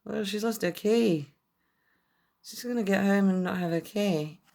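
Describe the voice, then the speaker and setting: A woman's voice: medium pitch, unhurried, gravelly, darkish tone. A woman giving a casual tarot reading to camera, chatty and rambling, blunt and fond of a swear word. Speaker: tarot reader.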